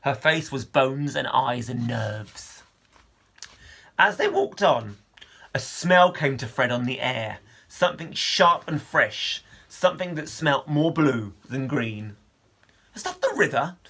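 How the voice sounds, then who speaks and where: A man, a teacher, reading a children's novel aloud with expressive storytelling. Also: mid-range voice, takes it slowly, husky.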